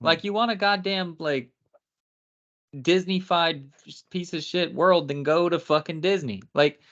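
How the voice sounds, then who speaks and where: A man's voice: fairly high pitch, measured pace, a bit bright, lo-fi sound. A man co-hosting a podcast, ranting bluntly with lots of cursing in casual chat. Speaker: podcast co-host.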